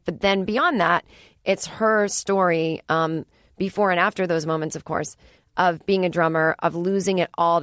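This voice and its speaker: A woman's voice: on the low side, no room sound, studio quality. A woman hosting a comedy podcast, rambling and self-deprecating in a casual solo monologue. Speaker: podcast host.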